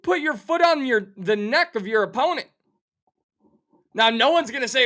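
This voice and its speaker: Sports host, middle-aged male, high bright voice, sarcastic fired-up rant with theatrical outrage. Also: expressive, moderate pace. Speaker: sports talk show host.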